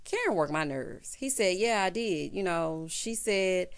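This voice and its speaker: A woman giving a sassy, animated recap of a TV episode, calling listeners honey and child. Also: lowish voice, measured pace, clear, resonant tone. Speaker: TV recap host. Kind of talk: casual recap commentary.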